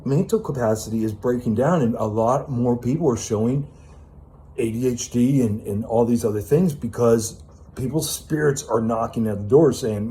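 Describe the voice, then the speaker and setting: Profane ranting man with a dark voice. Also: mid-range voice, slight background noise. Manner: profane, emphatic, repetitive ranting; casual, says "man" and "you know" often. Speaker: self-help speaker. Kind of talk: unscripted monologue.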